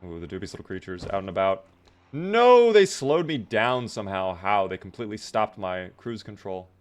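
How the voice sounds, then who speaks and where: A man's voice: on the low side, big pitch swings, normal speed. A man streaming a game live, chatting casually with viewers in a joking way and swearing freely. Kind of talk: casual live gameplay chat.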